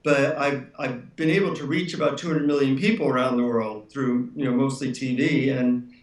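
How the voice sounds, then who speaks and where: A man's voice: mid-range voice, steady tone, normal speed, far from the mic. A middle-aged man, a self-help author being interviewed, telling a personal story in an earnest, reflective way. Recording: roomy, off-mic sound.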